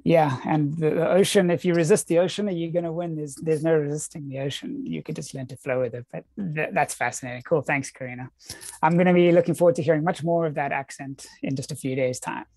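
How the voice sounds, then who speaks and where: A man's voice: fairly high pitch, fairly even intonation, fast, gravelly, a little mellow, no room sound. A man from South Africa hosting an online group gathering, enthusiastic and welcoming as he greets each person on the call. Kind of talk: casual group video call. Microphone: video call.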